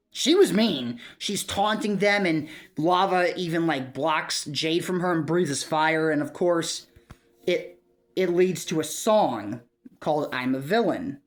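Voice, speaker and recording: A woman chatting through a casual vlog commentary. Her voice sits a little low, and she rambles along with frequent fillers and small chuckles. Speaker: video creator.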